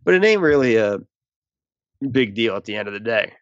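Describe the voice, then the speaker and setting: A man's voice: lowish voice, sing-song, fairly quick, dry recording, dull audio. A man co-hosting a casual sports podcast, rambling and restarting his sentences as he talks. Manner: rambling, restarts often, self-aware about stuttering. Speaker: podcast co-host.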